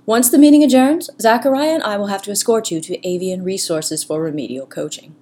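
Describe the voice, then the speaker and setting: A woman's voice: medium pitch, a little fast, mellow, a little hiss or hum, close to an everyday voice. A woman voicing a prim, rule-bound male crow manager who speaks in a fussy, prim way.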